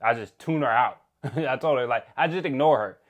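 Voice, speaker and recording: A young man, casually telling a work story in an animated, slangy way, often laughing. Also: mid-range voice, moderate pace.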